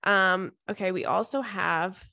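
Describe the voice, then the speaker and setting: A woman's voice: mid-range voice, unhurried, gravelly, sharp tone, no room sound, clean studio sound. Chatty young woman podcast host. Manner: chatty, rambling, lots of likes and ums. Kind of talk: casual chat reading listener messages.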